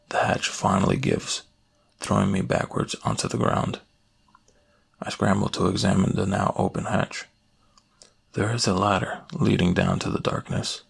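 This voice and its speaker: A man giving a slow, hushed first-person reading of a creepy story in soft-spoken ASMR narration, close to the mic. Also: low voice, gravelly, breathy edge.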